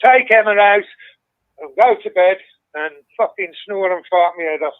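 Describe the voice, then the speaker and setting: A man's voice: high-pitched, normal speed, no echo. A man calling in to a football phone-in, rambling, laughing easily and swearing constantly. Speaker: caller. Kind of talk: casual phone-in chat. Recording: tinny dry phone line.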